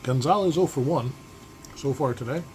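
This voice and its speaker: A man in the announcer's chair for a tabletop baseball replay, calling each pitch like a radio broadcaster. His voice sits in a middle range and he breaks off now and then to check the dice. Air conditioning hums steadily behind him. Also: normal speed, darkish tone, low-quality recording. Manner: broadcaster-style calls mixed with asides about dice rolls. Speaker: replay host and play-by-play announcer. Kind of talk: mock radio play-by-play of a tabletop baseball game. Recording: air-conditioning hum in the background.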